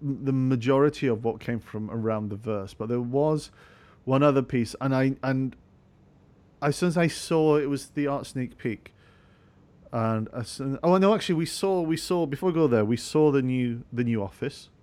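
A Scottish man hosting a casual podcast, his medium-pitched voice running loose and rambling. He is sleep deprived, so he keeps circling back and correcting himself, padding his thoughts with fillers and self-mocking asides. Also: moderate pace, a little mellow, smooth. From Scotland. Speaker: podcast host.

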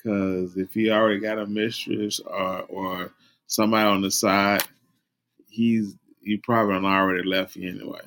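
Halting, earnest male co-host. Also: fairly low pitch, level tone, a bit bright, faint music behind. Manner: halting, restarts a lot, earnest. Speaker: podcast co-host. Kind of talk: casual advice chat.

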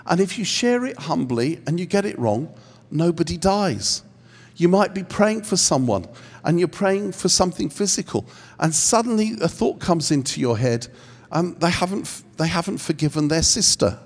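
A man's voice: high-pitched, animated, normal speed. Humorous man teaching in a reverberant hall. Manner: humorous, acts out little scenes, self-deprecating. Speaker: speaker at a prayer training session.

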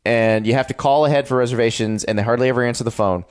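A man in his forties chats on a podcast at a middle pitch. He tells food and travel stories with eager, animated energy. His delivery stays loose and conversational. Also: fast talker, clean tone. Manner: enthusiastic storyteller, animated. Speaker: podcast co-host. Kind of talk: casual chat about food and travel.

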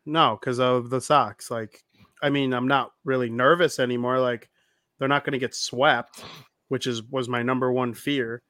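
A young man co-hosting a sports podcast, bantering with jokes like an excitable fan. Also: mid-range voice, moderate pace, dry recording, studio quality. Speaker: podcast co-host. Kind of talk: casual sports podcast chat.

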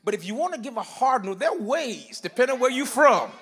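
A male pastor preaching a sermon, moving between loud, emphatic bursts and quiet, explanatory teaching. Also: extremely high pitch, animated, a little fast, few pauses, slightly rough, a faint crowd. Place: church sanctuary. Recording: long hall reverb.

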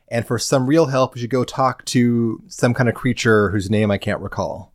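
Man, podcast co-host, wry storyteller with deadpan punchlines, dry close mic. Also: mid-range voice, moderate pace, dry recording. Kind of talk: casual chat recapping a game.

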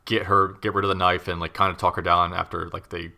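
A man's voice: low voice, little pitch movement, quick pace, creaky, bright, forceful tone. A man casually recounting a true crime story to a co-host, rambling with many fillers and wry asides.

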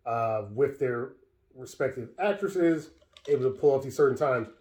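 A man in a relaxed film chat, thinking aloud with many "like"s and "um"s and swearing now and then. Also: mid-range voice, moderate pace. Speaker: podcast co-host. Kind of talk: casual film discussion. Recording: roomy echo.

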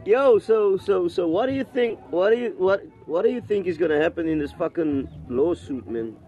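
A man's voice: high voice, lively intonation, normal speed, mellow, faint music behind. A man telling a crude story in casual chat, rambling, repeating his words and swearing often. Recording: dull lo-fi recording.

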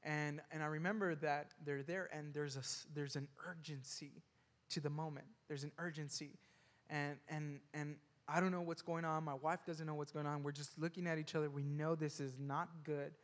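Halting man in a reverberant hall. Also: fairly high pitch, flat delivery. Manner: halting and earnest, with frequent restarts and repeated words. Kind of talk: personal storytelling.

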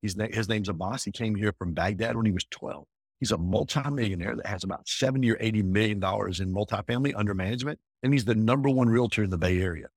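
A man talking as an entrepreneur guest in a casual interview, emphatic and energetic, often repeating himself. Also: lowish voice, quick pace, slightly rough, no room sound.

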